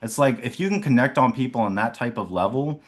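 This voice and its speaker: A man's voice: mid-range voice, fairly quick. A young man, an insurance sales agent, talking casually on a video call about his mindset, rambling with frequent fillers and laughs. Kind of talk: casual reflective talk.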